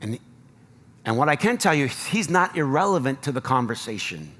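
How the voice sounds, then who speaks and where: A man's voice: medium pitch, sing-song, normal speed, fairly bright tone, in a large hall. An American man preaching a sermon as pastor, earnest and rising to emphatic appeals. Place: church sanctuary.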